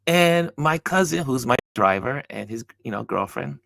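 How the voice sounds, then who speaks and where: A man hosting a motivational talk, telling a personal story and acting out the dialogue with animated delivery. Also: medium pitch, normal speed, creaky, few pauses, dry recording, studio quality. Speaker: host.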